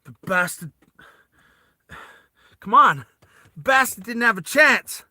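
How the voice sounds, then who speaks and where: A man doing a distraught, yelling soldier. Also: very high voice, lively intonation, takes it slowly, dry recording, studio quality, pitched above the performer's own voice, exaggerated voice. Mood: anguished. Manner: anguished outburst. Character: grieving hot-headed male soldier.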